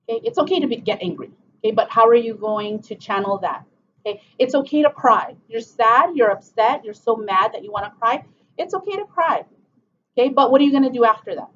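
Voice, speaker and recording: A slightly high, a bit bright voice belongs to a middle-aged woman leading a parent workshop. She talks conversationally with frequent "okay"s and "um"s and performs parent and child lines. The lo-fi room recording is dull, with a little hiss or hum.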